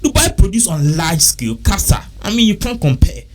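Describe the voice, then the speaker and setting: A man's voice: high voice, sing-song, a little fast. A man with a Ghanaian accent, talking casually and repetitively, working through figures aloud. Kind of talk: casual talk mixing English and Twi.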